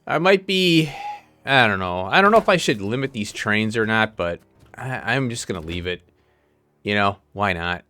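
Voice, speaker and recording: A man's voice: medium pitch, a bit bright. A man giving casual, rambling commentary as he plays a game, thinking aloud and chuckling to himself. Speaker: let's play host.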